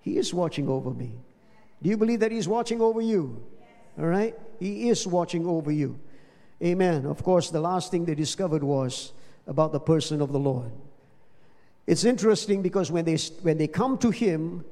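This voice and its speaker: A man's voice: on the high side, moderate pace, mellow. A man preaching a sermon, asking the congregation rhetorical questions. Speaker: pastor. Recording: long hall reverb.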